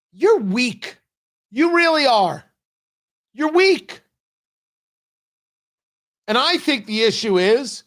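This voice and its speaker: A man's voice: very high voice, a bit bright. A man hosting a talk radio show, delivering an opinionated monologue with sarcastic, mocking asides from his studio.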